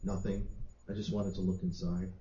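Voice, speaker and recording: A man voicing a troubled young woman who quietly recounts a frightening vision, in a roomy, dull recording. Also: deep voice, flat delivery, normal speed, slight background noise, voice pushed down, lightly acted. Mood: haunted.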